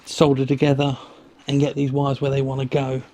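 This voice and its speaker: A man's voice: medium pitch, monotone, brisk, dark tone. A man explaining motorbike wiring and soldering step by step. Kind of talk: instructional workshop talk.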